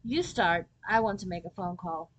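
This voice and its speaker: A woman's voice: on the low side, normal speed, lightly acted. A woman voicing a stubborn little boy in a storybook read-aloud, firm and matter-of-fact. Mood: insistent. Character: stubborn little boy, dreamy and sure of himself.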